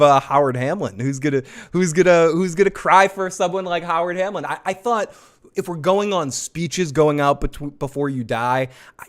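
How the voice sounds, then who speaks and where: A man hosting a live stream, chatting casually in an excited, rambling way, swearing often and restarting his sentences. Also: fairly high pitch. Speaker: show host reviewing a TV episode live.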